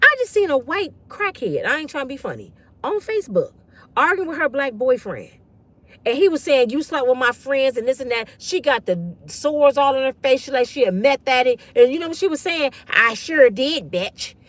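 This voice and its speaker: A woman's voice: high voice, big pitch swings, brisk, no echo. A woman ranting bluntly and profanely in a casual livestream on her phone. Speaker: online commentator.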